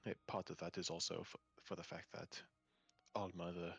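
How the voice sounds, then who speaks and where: Halting low-voiced man at a tabletop game. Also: level tone, creaky, slightly rough. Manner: halting, many fillers and restarts. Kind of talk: in-character tabletop play.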